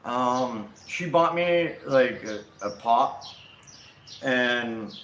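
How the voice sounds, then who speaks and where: A man casually telling a personal travel story, rambling and animated with frequent self-corrections. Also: medium pitch, slight background noise. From United States. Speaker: vlog host. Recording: roomy echo with faint outdoor ambience and birds.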